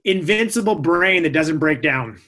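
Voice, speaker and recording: Guest: man with a bright, forward voice, quick, self-mocking replies. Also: a little high, lively intonation. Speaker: podcast guest, endurance athlete. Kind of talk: casual interview chat.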